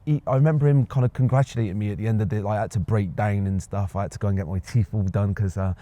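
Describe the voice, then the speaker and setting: Speaking quickly with a warm, low voice and fairly even intonation, a young Bristol-born actor answers interview questions reflectively. The casual talk is hesitant, full of fillers and restarts.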